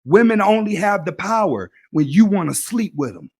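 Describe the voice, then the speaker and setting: A man's voice: high voice, very animated, moderate pace, darkish tone, slightly rough. A young man in a casual, preachy monologue, giving advice and repeating his points. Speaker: YouTube commentator.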